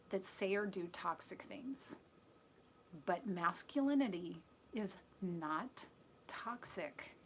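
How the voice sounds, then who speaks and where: A woman's voice: mid-range voice, fairly bright tone, slight background noise. A woman hosting a live stream, talking in a casual, opinionated way and answering viewers' comments aloud. She is earnest and chatty and often drops to a near-whisper.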